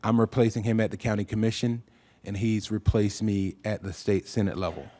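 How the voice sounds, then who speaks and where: A man's voice: lowish voice, fairly even intonation, fairly quick, dark tone. A man from Florida speaking as a new county commissioner, giving an earnest, rousing acceptance speech in a commission chamber. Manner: earnest, rousing, pledge-making. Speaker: newly sworn county commissioner.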